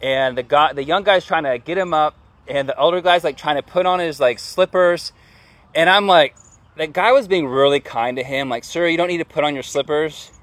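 Man, thirties, chatty storyteller with a slightly high voice, dry close recording. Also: normal speed, no room sound. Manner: animated, lots of fillers, acts out yelling. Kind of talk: casual storytelling.

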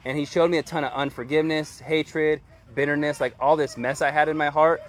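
A man's voice: fairly high pitch, steady tone, a little fast. A man preaching a sermon as pastor, earnest and conversational, with casual slang.

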